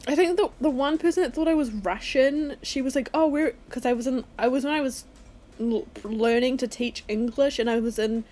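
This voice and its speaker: A woman's voice: sits high, moderate pace, warm tone. A young woman from New Zealand co-hosting a podcast, chatting casually, bluntly and jokingly, often acting out conversations. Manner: blunt, joking, acts out dialogue. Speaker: podcast co-host. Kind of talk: casual chat.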